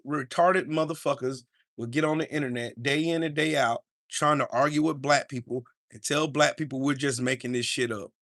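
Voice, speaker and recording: A man's voice: on the high side, fairly bright tone, dry recording, studio quality. A man hosting a live-streamed podcast, ranting in an angry, profane and confrontational way. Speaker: podcast host.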